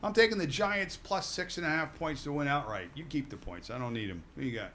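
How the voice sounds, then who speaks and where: A man's voice: on the high side, a little hiss or hum. A man co-hosting a sports radio show, making football picks in casual, upbeat banter. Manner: lively, upbeat, quick-firing picks. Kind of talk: casual sports betting chat.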